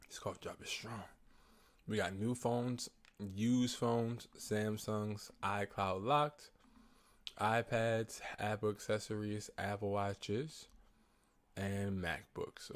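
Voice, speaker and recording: A man who is sick, talking slowly and quietly while trying not to cough, coaching viewers on phone flipping in a casual talk to the camera. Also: lowish voice. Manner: talks slowly and quietly, grows louder and heated.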